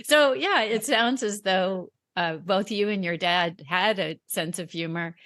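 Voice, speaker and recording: A woman's voice: mid-range voice, a little slow, a bit bright, no room sound, studio quality. A woman co-hosting a podcast, asking friendly, encouraging questions in casual chat. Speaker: podcast co-host.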